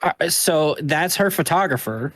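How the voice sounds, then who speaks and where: Chatty male co-host, somewhat higher voice, easygoing and profane. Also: expressive, measured pace, a bit bright, dry recording. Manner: chatty, swears casually. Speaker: podcast co-host. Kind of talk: casual chat.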